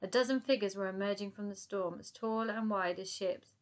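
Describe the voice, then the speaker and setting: A woman narrating a children's book aloud in a calm, even storytelling manner. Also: medium pitch, a little fast.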